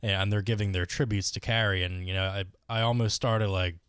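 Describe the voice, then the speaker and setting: A man co-hosting a casual podcast, relaxed and rambling, with many fillers. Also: on the low side, fairly quick, clear, resonant tone, dry recording, studio quality. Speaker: podcast co-host. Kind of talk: casual chat.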